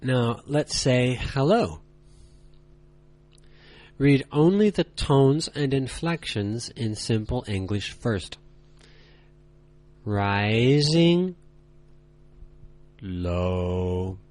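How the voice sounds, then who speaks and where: Male tutor, mid-pitched, very slow and deliberate, drawn-out words with long pauses. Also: darkish tone. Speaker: language teacher.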